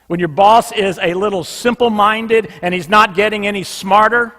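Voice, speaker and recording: A man preaching a sermon as pastor, emphatic, dropping soft and low on a repeated refrain. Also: fairly even intonation, normal speed. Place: church sanctuary. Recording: long reverb in a large church.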